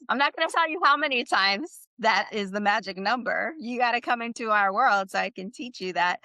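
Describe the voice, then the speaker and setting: A woman teaching in a podcast lesson, chatty, checking in with "right?" and "okay?", slowing down to model phrases for the learner to repeat. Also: mid-range voice, pushed and bright, dry recording. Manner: slows down to model phrases for repetition. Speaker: Spanish teacher.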